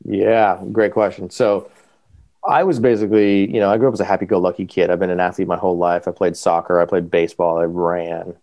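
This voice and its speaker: Male podcast guest, deep rough voice, rapid casual storytelling, dry close sound. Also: no echo. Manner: animated, quick, full of fillers.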